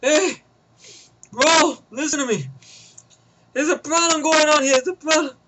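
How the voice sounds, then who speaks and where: Brief: man voicing a frantic, pleading thug on a radio, raised high, noisy tape. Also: a little slow. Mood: alarmed. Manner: excited, pleading, repeating himself. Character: panicky male gang member on a radio.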